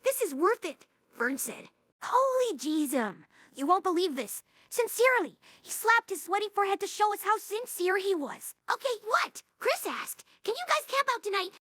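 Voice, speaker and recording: A man voicing a brash young female cartoon pony, reading a novel aloud in character with a boyish, husky drawl. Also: extremely high pitch, big pitch swings, normal speed, pushed and bright, no room sound, heavily acted.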